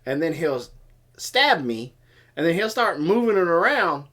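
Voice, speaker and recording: A man co-hosting a livestream and telling a story in a relaxed, chatty way. His voice swings widely up and down as he acts out other people's lines and sound effects. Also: fairly high pitch, a little slow. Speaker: co-host of a homestead livestream. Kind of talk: casual storytelling chat.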